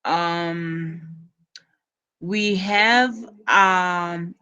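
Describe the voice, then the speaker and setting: A woman teaching an English class, slow and encouraging, often repeating her words. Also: lowish voice, fairly even intonation, pushed and bright, clear, resonant tone, lo-fi sound.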